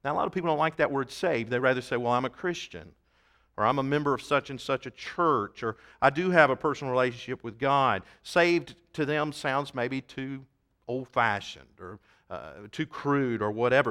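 A man's voice: mid-range voice, moderate pace, bright, forceful tone. A man preaching a sermon, telling stories and building to emphatic declarations. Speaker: pastor.

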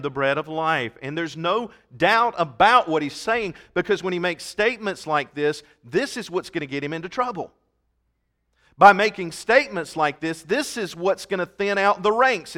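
A man's voice: a little high, bright, forceful tone. A man preaching a sermon in church, emphatic, reading scripture aloud and playing with wordplay. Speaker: pastor.

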